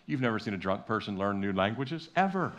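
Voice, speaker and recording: A middle-aged pastor delivers a sermon in a church sanctuary, speaking a little fast in a low, slightly bright voice with big pitch swings. He keeps it conversational, repeating himself and acting out quotes.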